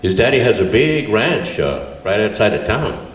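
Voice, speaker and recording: A man's voice: fairly low pitch, very animated, moderate pace, slight background noise, pitched below the performer's own voice. An older man quoting a stern young schoolteacher lecturing a boy, in a firm, matter-of-fact tone. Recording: roomy, distant live recording.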